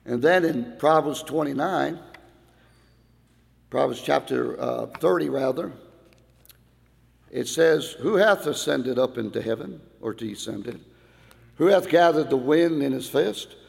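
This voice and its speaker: A middle-aged man, a pastor, preaching an old-time Baptist sermon in a church, going from quiet talk to loud shouted passages. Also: medium pitch, measured pace, creaky, pauses often. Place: church hall. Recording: long hall reverb.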